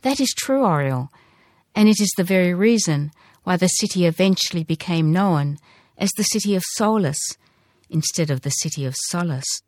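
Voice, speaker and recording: A very old male hoopoe bird from a storybook, read by a woman, grave and gentle. He speaks slowly and solemnly, full of quiet sorrow. The voice sits a little low and sounds dry and close. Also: expressive, no room sound, lightly acted.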